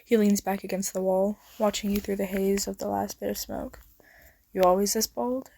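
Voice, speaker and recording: A young woman narrating a second-person romance story in a soft, intimate voice that slips into whispers. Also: medium pitch, monotone, a little fast, gravelly, slightly rough. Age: young adult. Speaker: fan fiction narrator.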